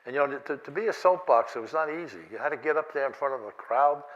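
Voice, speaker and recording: A man's voice: medium pitch, fast talker, fairly bright tone, muffled recording. An older man giving a rambling, chuckling keynote talk full of anecdotes, restarts and fillers. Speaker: keynote speaker. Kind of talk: lecture with anecdotes. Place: conference lecture hall.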